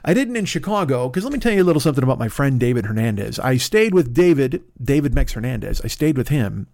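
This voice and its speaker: His mid-range voice is creaky and darkish, sing-song and fast. He's a man hosting a solo comedy podcast from a desk in his home studio via a studio microphone, rambling and derailing himself with sarcastic asides.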